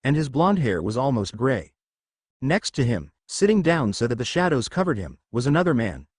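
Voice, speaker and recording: A man narrates a fan fiction story with expressive, animated pitch. His voice sits at an ordinary middle pitch for a man. The recording is dry and close, with no room echo. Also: moderate pace, slightly rough.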